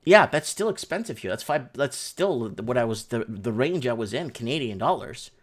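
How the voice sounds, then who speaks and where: A man hosting a casual livestream from a home studio, talking through chat messages in an excitable, rambling way. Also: medium pitch, normal speed. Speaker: livestream host.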